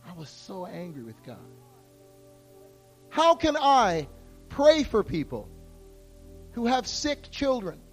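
A man preaching a sermon to his church, his voice moving between hushed, intimate passages and loud, impassioned outbursts. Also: sits high, sing-song, slow pace, long pauses, faint music behind. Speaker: pastor.

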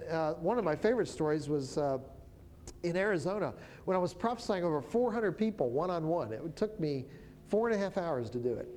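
A minister telling a story of prophesying over people, in a relaxed conversational way that often stops and restarts. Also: medium pitch, slight background noise. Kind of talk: storytelling testimony.

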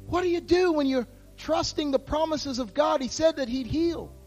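A man preaching a sermon to his church, his voice moving between hushed, intimate passages and loud, impassioned outbursts. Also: very high-pitched, normal speed, faint music behind. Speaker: pastor.

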